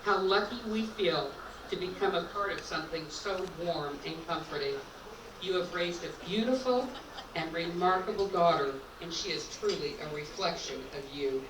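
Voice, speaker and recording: Speaking at normal speed in a fairly low voice, the groom's mother, a middle-aged woman, offers a heartfelt wedding toast at a rehearsal dinner. The banquet hall echoes, and she's recorded from a distance amid background noise.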